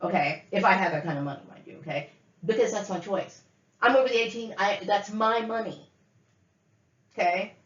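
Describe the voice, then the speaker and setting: A woman's voice: mid-range voice, normal speed. A woman delivering an angry, profane monologue, repeating herself and tagging lines with "okay?". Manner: profane, repetitive, many "okay?" fillers. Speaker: vlogger. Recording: echoey room, dull lo-fi sound.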